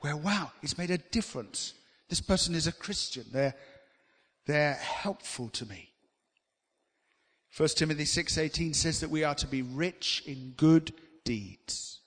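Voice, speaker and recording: A man preaching a sermon, animated and swinging between loud emphasis and quiet asides. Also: a little high, a little slow, slightly rough. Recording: long hall reverb.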